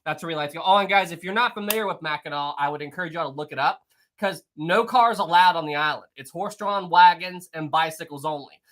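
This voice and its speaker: Bright-voiced, excitable live stream host. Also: mid-range voice, quick pace. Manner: excitable, chatty, laughs often, rambling asides. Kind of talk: casual live stream chat, reading out chat messages.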